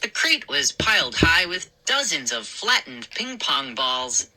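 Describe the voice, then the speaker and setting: A woman reading a scary children's story aloud as the show's storyteller, in a measured, expressive way. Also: low voice, rough recording.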